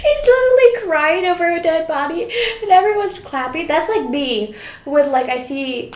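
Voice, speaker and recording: A high, lively young woman chatting about a movie, cracking crude jokes and breaking into giggles. Her voice swoops up and down freely, and the room around her is echoey. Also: moderate pace, a little hiss or hum. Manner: giggly, crude tangents, bursts of laughter. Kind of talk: casual chat recapping a film.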